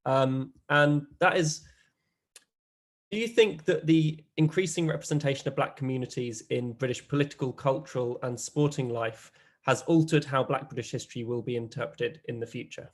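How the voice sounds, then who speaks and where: A man chairing an online academic panel, relaxed and measured as he puts questions to the speakers. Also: mid-range voice, a little hiss or hum. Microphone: video call.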